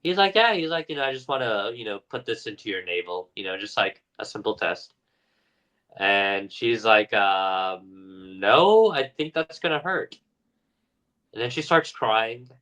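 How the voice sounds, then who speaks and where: Bright-voiced casual male podcast storyteller. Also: fairly low pitch, normal speed, low-quality recording. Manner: loose, filler-heavy retelling with acted-out quotes. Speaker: podcast co-host retelling a story.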